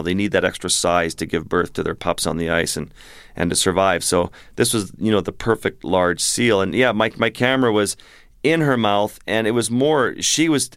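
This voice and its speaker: A man's voice: low voice, smooth, no room sound. A man, a wildlife photographer, telling a vivid adventure story as a guest in an interview. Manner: vivid, animated storytelling with restarts.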